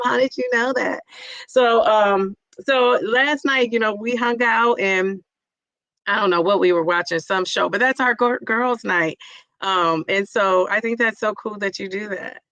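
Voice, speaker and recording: Chatty woman with a gravelly voice. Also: medium pitch, a bit bright, dry recording. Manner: chatty, reads viewer comments aloud and cheers them on. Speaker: vlogger hosting a live chat. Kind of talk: casual live-stream chat.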